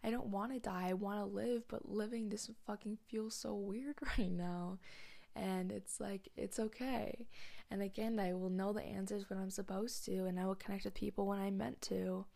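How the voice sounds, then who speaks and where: A young woman hosting a podcast, talking in a candid confessional monologue, blunt and profane, rambling and often sinking to a soft near-whisper. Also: mid-range voice, fairly even intonation, moderate pace, vocal fry. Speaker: podcast host.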